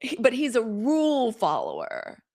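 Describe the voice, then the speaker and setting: A woman's voice: fairly high pitch, huge pitch swings, unhurried, darkish tone. A middle-aged woman from Mississippi with a Southern accent, hosting a live news commentary stream in a blunt, fired-up, profane manner, talking straight to viewers. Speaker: live news show host.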